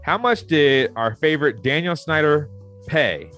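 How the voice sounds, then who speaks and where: A man with a lively, swooping voice trades teasing banter as a podcast co-host, quick to laugh. Faint music plays underneath. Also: fairly high pitch. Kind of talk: casual sports chat.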